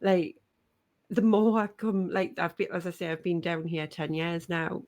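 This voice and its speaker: A woman's voice: on the low side, fairly even intonation, unhurried, darkish tone. A woman from the North East of England, hosting a podcast interview in a chatty, laughing way. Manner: chatty, laughing, self-deprecating. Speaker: podcast host.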